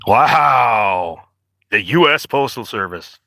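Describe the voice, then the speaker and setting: A man's voice: on the high side, big pitch swings, normal speed, sharp tone, no room sound. A man ranting casually to the camera in a profane, rambling, indignant way. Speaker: vlogger.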